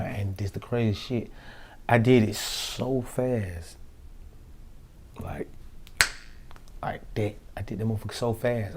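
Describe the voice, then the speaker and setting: A man's voice: fairly low pitch, warm tone, a little hiss or hum. A young man, a rapper, telling studio stories in a loose, slangy interview manner and acting out the quotes. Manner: loose slangy street talk, acts out quotes. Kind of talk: casual interview storytelling.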